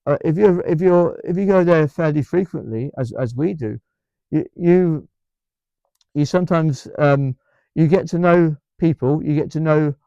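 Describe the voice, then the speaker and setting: A man's voice: fairly high pitch, a little slow, mellow, clean tone, dry recording, muffled recording. A man with an English accent chatting to camera in a vlog, enthusiastic and rambling, with many restarts and repeated words. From England. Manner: enthusiastic, emphatic. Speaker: vlogger. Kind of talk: casual chat to camera.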